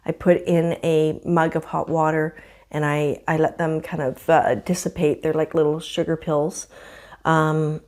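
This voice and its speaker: A woman in her fifties talking candidly to camera at home in a casual vlog, with a slightly rough morning voice and frequent laughs. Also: lowish voice, a little mellow. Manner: chatty and candid, laughs often. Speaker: vlogger. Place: home, indoors.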